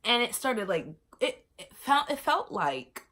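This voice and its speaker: A young woman from Miami, a vlogger sitting on her bed and telling a story in casual chat. She acts out quoted lines with big jumps in pitch and volume. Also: sing-song, measured pace, fairly bright tone. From Miami, USA.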